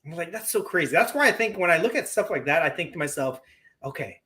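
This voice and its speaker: A man's voice: on the high side, lively intonation, fast, pushed and bright. A man co-hosting a casual card collecting livestream, telling stories in a rambling, stop-start way with many fillers. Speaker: co-host of a card collecting show.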